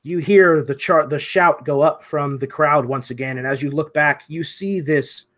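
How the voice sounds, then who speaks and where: A man's voice: fairly high pitch, fairly even intonation, normal speed, fairly bright tone. Man narrating as dungeon master. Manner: loose, descriptive, filler-heavy. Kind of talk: narrating a tabletop game.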